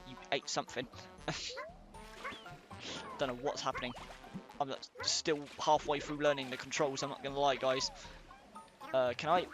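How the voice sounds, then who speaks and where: A man's voice: mid-range voice, fairly even intonation, normal speed, over music. A man giving casual let's-play commentary, rambling and thinking aloud with many fillers. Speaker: let's player.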